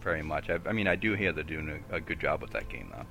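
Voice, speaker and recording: Deep bright-toned man on a podcast. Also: lively intonation, quick pace, creaky. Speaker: podcast co-host. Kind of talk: casual podcast chat.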